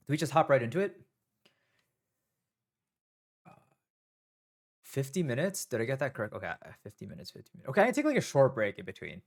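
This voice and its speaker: A man's voice: mid-range voice, big pitch swings, quick pace, pauses often. Nervous rambling young man streaming. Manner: nervous, rambling, self-mocking. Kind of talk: casual live-stream talk.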